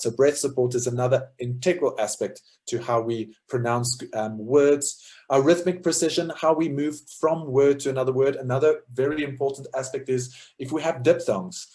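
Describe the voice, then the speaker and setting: A middle-aged man from South Africa teaches choral music in an informal talk. He speaks at a middle pitch, thinks aloud as he goes, and often pauses with fillers and restarts. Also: a little mellow. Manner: thoughtful, with frequent fillers and restarts. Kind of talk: informal lecture.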